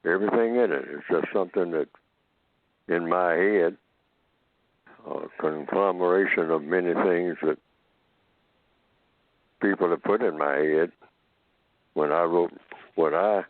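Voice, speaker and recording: A very deep-voiced man, a guest on a call-in radio program, answers callers slowly and deliberately, repeating phrases for emphasis. He comes through a tinny, phone-like line, and the recording is dry and close with no room sound.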